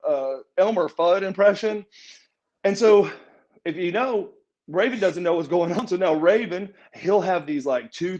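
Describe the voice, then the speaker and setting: A man with a fairly high voice tells stories in a loose, casual way. He acts out other people's lines as he goes, jumping into different voices. The podcast audio sounds a little dull and lo-fi. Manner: animated, acts out quotes in changed voices. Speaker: interview guest, former wrestler. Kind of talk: casual storytelling in a shoot interview.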